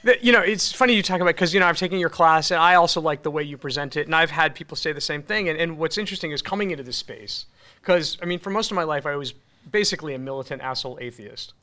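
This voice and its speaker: A man in casual conversation, wry and thoughtful, slipping dry jokes in among his points. His voice is bright and forward and sits somewhat high for a man. He talks easily about his teaching. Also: fast. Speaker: meditation teacher.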